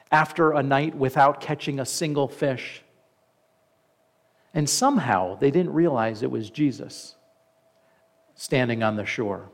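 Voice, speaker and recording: A man preaching a sermon. He reads scripture aloud, slows down for the quoted lines, and stops now and then to comment. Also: mid-range voice. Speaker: pastor.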